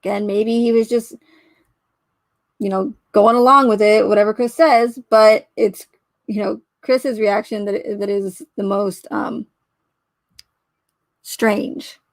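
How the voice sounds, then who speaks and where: A woman's voice: mid-range voice, fairly even intonation, slow pace, pauses often, no room sound. A woman giving casual commentary on a criminal case, skeptical and questioning as she picks apart details, often trailing off and restarting. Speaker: true crime commentator.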